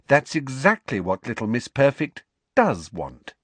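A sharp, know-it-all teenage girl snaps back with crisp impatience, voiced by a man reading a story. Her voice sits far above his own and bounces lively in pitch. The sound is dry and close. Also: unhurried, dry recording, exaggerated voice. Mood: tart. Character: clever, sharp-tongued teenage girl, bossy.

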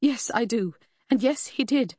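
A woman reading an audiobook, voicing a shaken young Victorian woman who answers in halting, half-whispered replies. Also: mid-range voice, gravelly, husky, no room sound, studio quality. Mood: bitter. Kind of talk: audiobook character voice.

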